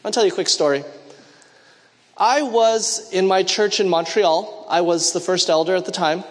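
A high-pitched man preaches a sermon in a church, his voice carried on a long hall reverb. He mixes personal stories with questions that he throws out to the congregation to answer. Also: moderate pace. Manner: storytelling with call-and-response questions.

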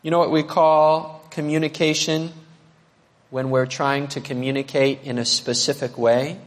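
In a big sanctuary full of long reverb, a pastor with a high, bright-toned voice delivers his sermon unhurriedly and with a flat delivery. Even so, he preaches with animation, rising to emphatic peaks and then sinking low.

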